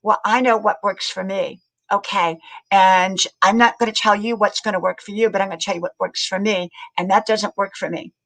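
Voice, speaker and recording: An older woman hosts a casual live stream in a friendly, talkative way. She welcomes viewers by name and often says things twice, in a voice of middle pitch. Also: steady tone, moderate pace, fairly bright tone, poor audio. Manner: chatty, greets viewers by name, repeats words. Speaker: livestream host.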